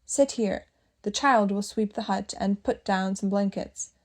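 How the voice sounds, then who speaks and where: A woman voicing a very old village woman who is shrill, loud and suspicious, speaking in a curt, accusing way. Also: unhurried, lightly acted.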